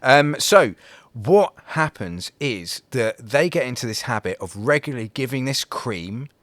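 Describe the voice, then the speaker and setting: A man telling a folk tale on a podcast, wandering through it with constant fillers and restarts and the odd swear word. His voice sits at a middling pitch and sounds close and dry, with no room behind it. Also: animated, unhurried, a bit bright, no room sound. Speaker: podcast co-host. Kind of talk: casual storytelling chat.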